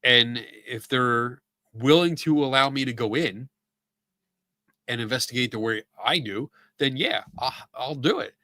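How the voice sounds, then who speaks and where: A middle-aged man from the Philadelphia area talks in a casual livestream chat, his Philly accent plain in every vowel. His voice is bright and forward. He rambles loosely, with plenty of ums and restarts, and the sound is close and dry. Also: mid-range voice, unhurried, dry recording. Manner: loose, chatty, with frequent fillers and restarts. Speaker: podcast host.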